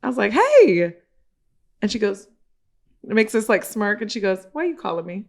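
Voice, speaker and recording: A woman's voice: medium pitch, fast, gravelly. A woman guest on a podcast, telling a story in casual chat, acting out what other people said and swearing freely. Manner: animated, acts out quoted dialogue, swears casually.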